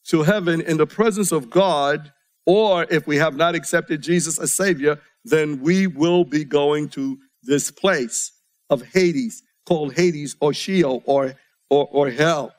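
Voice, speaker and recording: High-voiced preacher in full sermon. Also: male voice. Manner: preaching with sudden swings between soft and rising tones; reads scripture aloud to a live congregation.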